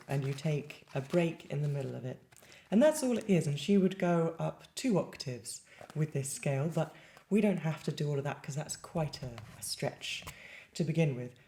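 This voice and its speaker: Woman singing teacher, low voice, chatty and playful, instrument in the background. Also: warm tone, slight background noise. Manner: chatty and lightly playful, breaks into sung quacks. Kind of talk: vocal lesson with sung demonstrations.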